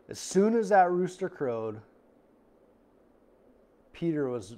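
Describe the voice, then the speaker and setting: A male pastor teaches through a passage in a relaxed, conversational style. He often slips into little acted voices for the people in the story. His voice sits a touch higher than most men's. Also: slow pace, long pauses. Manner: conversational, acts out quotes with voices. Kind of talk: expository sermon. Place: church.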